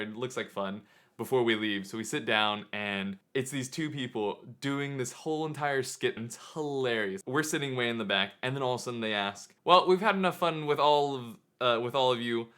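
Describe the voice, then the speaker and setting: A young man casually telling a story to camera, excitable and animated as he retells it. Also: on the low side, smooth. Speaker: vlogger.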